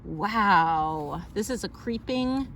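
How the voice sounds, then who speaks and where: A woman's voice: medium pitch, expressive, extremely slow, fairly bright tone. A woman teacher reading a picture book aloud to a young child, patiently explaining names of plants and birds and asking questions along the way. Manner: patient, answers a child's interruptions.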